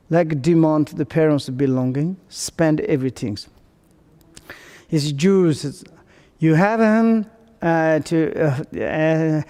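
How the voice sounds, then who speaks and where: A man teaching Buddhist texts in unhurried, broken non-native English, pausing often on fillers and restarts. His voice sits slightly high but sounds soft and warm. He acts out family quarrels in quoted voices, and a long reverb hangs around everything he says. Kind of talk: dharma teaching seminar.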